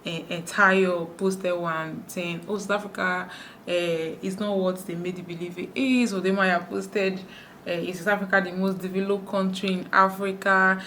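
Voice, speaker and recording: A woman from Nigeria talking fast to camera in a sit-down vlog, with frequent restarts. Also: on the low side, level tone, sharp tone, slight background noise. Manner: talks fast, many restarts. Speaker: YouTuber. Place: indoors, sit-down video.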